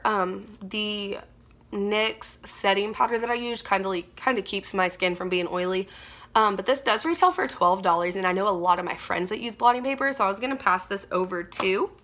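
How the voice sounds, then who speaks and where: Gushing, excitable young woman. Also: medium pitch. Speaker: beauty vlogger. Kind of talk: casual unboxing chat.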